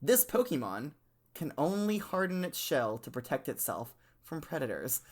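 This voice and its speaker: A man's voice: a little high, sing-song, normal speed, a little mellow. A man hosting a casual comedic podcast chat, laid-back and chuckling, swearing casually as he talks. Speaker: podcast host.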